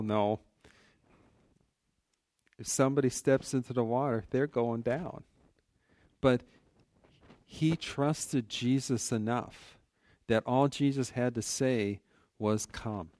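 A man's voice: medium pitch, takes it slowly, long pauses, a little mellow, no room sound, clean studio sound. A man teaching from the Bible in a conversational, earnest way, often restarting his sentences and adding "you know". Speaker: preacher.

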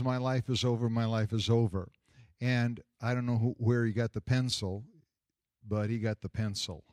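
An older man, a pastor, telling a personal story in an emphatic, repetitive way, his voice climbing high on the points he stresses. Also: dry recording, clean studio sound. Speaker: pastor and jail chaplain.

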